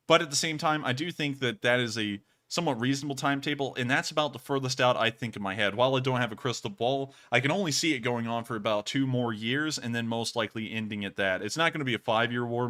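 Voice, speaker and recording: A bright, forceful male voice carries this livestream host. He talks casually and earnestly in long, rambling runs and keeps thanking his viewers. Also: mid-range voice. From United States.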